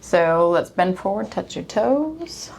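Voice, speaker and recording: A woman chiropractor coaching a patient through an exam, upbeat and giving calm step-by-step directions. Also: medium pitch, takes it slowly, vocal fry, breathy edge.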